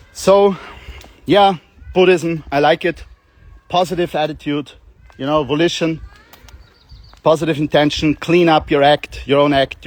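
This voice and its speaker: A man's voice: on the high side, no echo. A man streaming live outdoors on a street, talking in a rambling, joking, self-mocking way.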